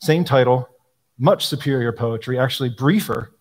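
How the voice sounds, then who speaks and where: A man answering questions about a hymnal, explaining thoughtfully with frequent pauses and ums. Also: mid-range voice. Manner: thoughtful, explanatory, frequent ums, quotes hymn lines aloud. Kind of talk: live Q&A talk.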